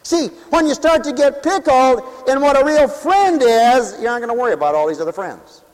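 Male preacher, sermon in a big reverberant hall, hammering questions, loud then hushed. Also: very high-pitched, expressive, moderate pace. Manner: emphatic, rhetorical questions, sweeping swings in volume.

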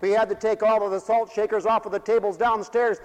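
A man's voice: high-pitched, little pitch movement, fairly quick. A man pastor preaching a sermon in a mission church hall, folksy and joking, and he swings up into fervent hallelujahs.

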